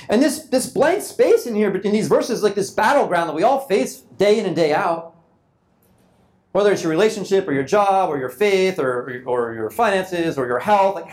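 A man's voice: high voice, animated, normal speed, a little mellow. Casual, conversational male pastor. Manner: informal, repeats and restarts phrases, acts out quoted thoughts. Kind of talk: conversational sermon.

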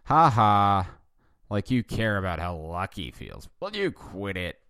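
A man's voice: on the low side, big pitch swings, a little slow, sharp tone, clean tone, no echo, clean studio sound, voice pushed up, exaggerated voice. A man voicing a flustered, exasperated husband in a comedic reading. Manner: exasperated, exclaiming.

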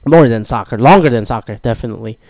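A man's voice: mid-range voice, fast, a little mellow, no room sound. A young man from Korea, hosting a casual solo talk and ranting profanely with self-mocking asides. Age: young adult.

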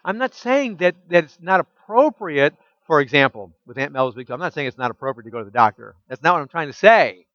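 A man preaching a sermon as pastor, emphatic and full of rhetorical questions, dropping soft and low when quoting scripture. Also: animated, fast talker, hardly any pauses, dry recording, highs cut off.

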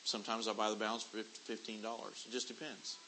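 A middle-aged man preaching a sermon, moving from quiet storytelling to loud, shouted preaching. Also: lowish voice, level tone, fast talker, creaky, a little hiss or hum, low-quality recording. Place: church convention hall.

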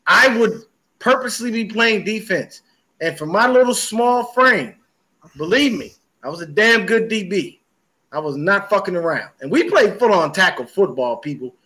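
Guy with a high bright voice on a sports podcast, cussing a lot and telling stories all animated. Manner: animated storytelling with heavy cursing. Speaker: podcast co-host. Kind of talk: casual profane sports chat.

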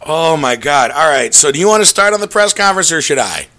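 Bright-voiced rambling podcast host man. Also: a little high, expressive, fast. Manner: rambling, sarcastic, laughing asides. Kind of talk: casual podcast chat.

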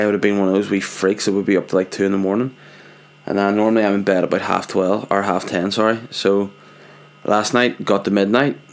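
A man rambles through everyday stories in a casual, sweary monologue. He pokes fun at himself constantly. His voice sits a bit low. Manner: rambling, sweary, self-mocking. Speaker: vlogger, father.

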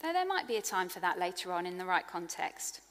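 A woman preaching a sermon in an earnest, personal way, growing hushed on tender points. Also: lowish voice, very animated, fairly quick. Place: church hall. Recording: long echo of a large hall.

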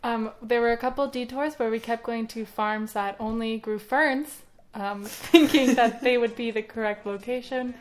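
Playful young woman, slightly high voice. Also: steady tone, normal speed. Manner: playful teasing, hesitant fillers. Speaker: comedy vlog co-host. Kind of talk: casual comic chat.

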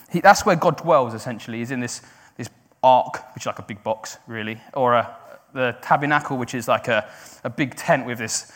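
A man preaching a sermon to a congregation. He swings between loud, raised cries and quiet, conversational explaining. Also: mid-range voice. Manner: builds to loud cries when quoting, then drops quiet and conversational. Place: church hall. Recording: long hall reverb.

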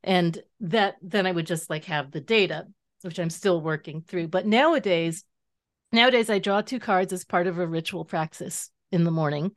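Woman guest, lower register, dry close mic; animated explainer who laughs easily in casual interview. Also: normal speed, no room sound. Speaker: guest author and tarot teacher.

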